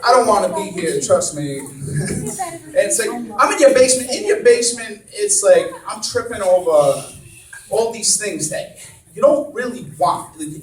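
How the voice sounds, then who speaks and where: A man doing a stand-up comedy set, rambling and self-deprecating, with lots of fillers and restarts. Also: very high-pitched. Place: comedy club stage. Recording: roomy club sound from a distance, crowd laughter.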